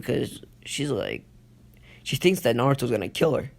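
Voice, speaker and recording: A man's voice: medium pitch, normal speed, creaky. A man casually retelling a fan story, rambling with many fillers.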